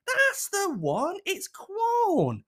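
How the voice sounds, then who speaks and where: A man putting on a high voice to quote his sheepish young wife as she dodges a question. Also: wildly swooping pitch, very slow, fairly bright tone, exaggerated voice. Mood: coy.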